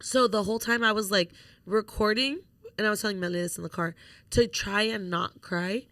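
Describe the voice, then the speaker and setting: A woman's voice: medium pitch, normal speed, no room sound. A young woman co-hosting a podcast, telling a story in casual chat with lots of swearing and acted-out quotes. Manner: animated storytelling, swears freely, acts out quotes. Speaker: podcast co-host.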